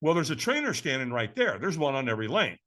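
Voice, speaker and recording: Animated, bright-voiced older storyteller man. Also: medium pitch, fast. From California, USA. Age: 70s. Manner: lively, acts out quoted voices, says "man" often. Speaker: podcast guest.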